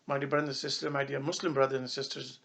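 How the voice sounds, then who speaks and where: A Canadian man, speaking as an imam, delivers a public statement that swings between impassioned emphasis and stretches of solemn prayer, at times rising to anger. His voice is mid-range and a bit bright, with vocal fry, a level tone and a fast pace.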